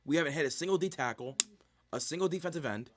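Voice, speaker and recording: A man's voice: on the high side, lively intonation, quick pace, a crowd in the background. A young man hosting a live sports stream, venting his frustration over a draft in a repetitive, ranting way.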